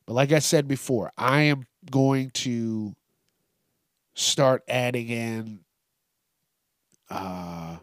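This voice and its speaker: Slow-talking man rambling on his podcast. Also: medium pitch, dry recording, clean studio sound. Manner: loose, profane, rambling, self-amused. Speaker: podcast host. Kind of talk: solo comedic podcast rambling.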